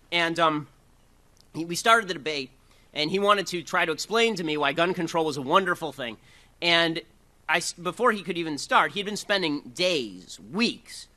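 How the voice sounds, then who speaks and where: Brisk, combative man giving a talk. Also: a little high, sharp tone. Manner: fast, combative, sarcastic delivery. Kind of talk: speech to a live audience.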